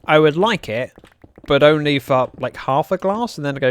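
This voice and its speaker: This young man chats casually on a livestream while playing a block-building game, joking with viewers and reading their messages out. He speaks at normal speed in a clear, resonant voice on the high side, with lively intonation.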